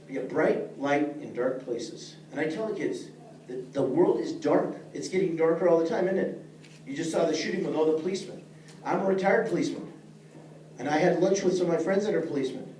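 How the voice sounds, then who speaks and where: In an echoey room with the mic far off and faint noise, a middle-aged man teaches a leadership class. His voice is on the high side, fairly quick and dark in tone, and he speaks earnestly and plainly, addressing the people in front of him directly.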